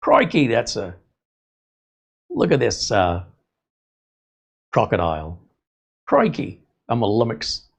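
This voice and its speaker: A man putting on an excitable Australian wildlife presenter, exclaiming in a high, drawn-out voice. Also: heavily acted. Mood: awed.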